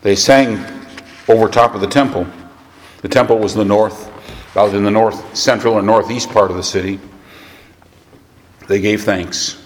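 American preacher in an echoey hall. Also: male voice, fairly low pitch, fairly even intonation, moderate pace, long pauses. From United States. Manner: conversational preaching with rhetorical questions to the congregation. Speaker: pastor. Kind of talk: sermon. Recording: echoey long reverb of a church hall.

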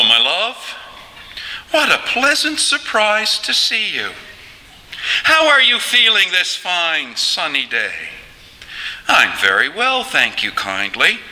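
A man putting on the voices of two prim, overly polite upper-class British gentlemen with a British accent. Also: sits high, long reverb tail, pitched above the performer's own voice, heavily acted, poor audio. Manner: overly proper, genteel phrasing.

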